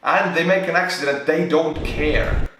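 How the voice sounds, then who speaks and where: A man's voice: a little high, unhurried, noisy background. A man with an Estonian accent commenting on a reaction video, joking and mocking, with sudden startled outbursts. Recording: very echoey room, mic at a distance, music behind.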